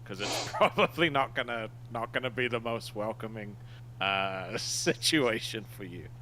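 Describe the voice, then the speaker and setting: A man hosting a casual show, speaking at a middle pitch with a bright, forceful edge. He gives direct, coaching-style guidance in a plain, casual manner. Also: a little slow, slight background noise. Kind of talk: casual chat.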